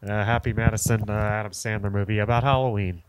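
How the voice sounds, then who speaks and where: A young man co-hosting a podcast, easygoing and quick to laugh, in casual chat. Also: lowish voice, fairly even intonation, a little hiss or hum. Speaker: podcast co-host.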